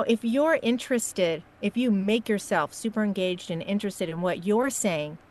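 A woman coaching a voice actor in an encouraging, chatty way with filler ums. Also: medium pitch. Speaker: voice-over coach giving feedback. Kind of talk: casual critique.

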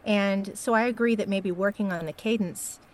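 A woman's voice: mid-range voice, moderate pace, slight background noise. Encouraging woman giving voice feedback. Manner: encouraging, chatty, filler ums. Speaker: voice-over coach giving feedback. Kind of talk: casual critique.

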